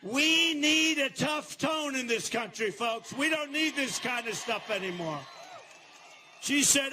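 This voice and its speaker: An older man giving a campaign rally speech in a large venue, boastful and repetitive, turning to the crowd with asides and shouted slogans. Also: very high-pitched, animated, measured pace, a little hiss or hum. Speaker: political candidate.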